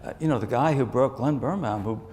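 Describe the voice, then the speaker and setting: A man, a journalist and author, answering interview questions on a conference stage in a measured way, often repeating words as he thinks. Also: mid-range voice, a little mellow, in a large hall, a little hiss or hum.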